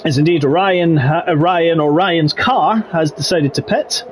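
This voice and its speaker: A man giving live commentary on a sim racing league, getting excitable when the battles get close. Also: on the high side, a little slow, slight background noise. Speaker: race commentator.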